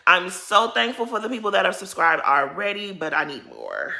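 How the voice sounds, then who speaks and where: Bright-voiced chatty woman vlogger. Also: fairly low pitch, moderate pace, creaky. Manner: animated, chatty, slangy commentary. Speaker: reality TV recap vlogger. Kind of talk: casual chat.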